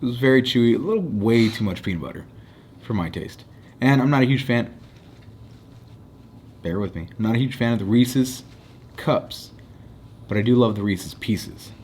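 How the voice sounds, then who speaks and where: A man casually rating cookies on a food show, relaxed and deliberate, stretching out his announcements. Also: medium pitch, slight background noise. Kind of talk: casual food review chat.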